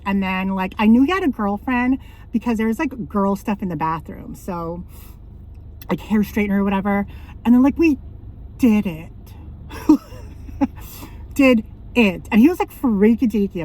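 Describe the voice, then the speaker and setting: A woman's voice: medium pitch, darkish tone. A woman in her thirties telling stories in a rambling, casual vlog, often correcting herself and laughing. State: out of breath. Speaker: vlogger. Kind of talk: casual chatty storytelling.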